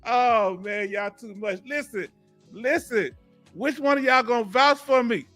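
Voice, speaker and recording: Southern Texan male stream host, bright and high, jokey, chats with viewers. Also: measured pace, faint music behind. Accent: Southern US (Texas). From Houston, Texas. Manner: joking, laughs often, talks to chat viewers. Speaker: veteran livestream host. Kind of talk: casual live-stream chat.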